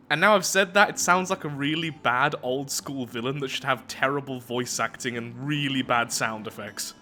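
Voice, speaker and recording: A man's voice: on the high side, animated, normal speed, few pauses, pushed and bright, slight background noise. A man commenting casually on his own gameplay as he builds, thinking aloud in a chatty, self-mocking way. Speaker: let's play gameplay host.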